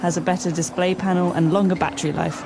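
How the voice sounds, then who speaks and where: A woman playing a confident wife shopping for a camera, brisk and a little dry, in a scripted learner dialogue. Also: fairly low pitch, level tone, creaky, background noise. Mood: brisk customer. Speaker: actor in a listening dialogue.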